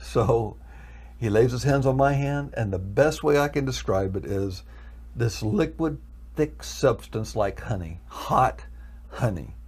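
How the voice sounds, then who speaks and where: Husky man telling an earnest testimony. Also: medium pitch, expressive, measured pace, darkish tone. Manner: earnest, building to emotional intensity. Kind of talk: guest telling a personal story.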